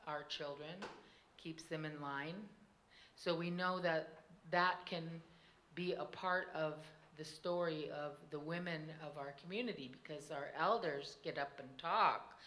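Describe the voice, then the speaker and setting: Woman storyteller with a low bright voice. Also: a little hiss or hum. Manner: animated, laughs often. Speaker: tribal storyteller on a panel. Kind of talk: oral storytelling.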